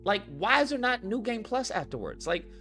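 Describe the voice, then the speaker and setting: Faint music plays behind a man hosting a livestream who rants profanely about video games, reads chat comments, and keeps repeating himself. He speaks at normal speed in a high, sing-song voice with a sharp tone, all of it unscripted and heated.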